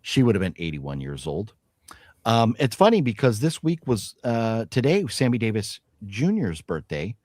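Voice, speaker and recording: A man's voice: on the low side, sing-song, moderate pace, a little mellow, no echo, clean studio sound. A man hosting a casual podcast, chatting and reading off celebrity birthdays. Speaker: podcast host. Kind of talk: casual chat.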